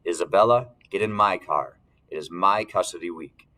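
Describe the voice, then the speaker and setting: A man's voice: extremely low pitch, fairly even intonation, measured pace, pushed and bright, exaggerated voice. A man reading the lines of an angry, domineering father in a storybook. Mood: commanding.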